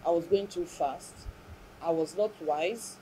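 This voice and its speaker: Mellow-voiced woman recounting hardship. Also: fairly low pitch, measured pace, slight background noise, low-quality recording. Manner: earnest, reflective, religious. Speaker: interview guest. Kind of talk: emotional personal testimony.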